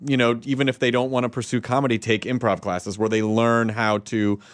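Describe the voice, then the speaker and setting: A man's voice: mid-range voice, fairly quick. A man hosting a podcast, chatting casually and joking with his guest. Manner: animated, joking, puts on silly voices. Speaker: podcast host. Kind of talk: casual chat.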